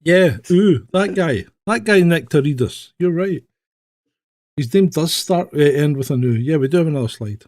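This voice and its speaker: Man, from Britain, blunt, sweary, lively pitch, dry close sound. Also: moderate pace, no room sound. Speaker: co-host. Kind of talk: casual chat.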